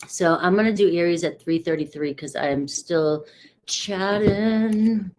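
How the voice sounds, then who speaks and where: A woman's voice: low voice, normal speed, darkish tone. Chatty middle-aged tarot reader woman. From New England. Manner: chatty, rambling, greets viewers by name. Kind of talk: casual live-stream chat.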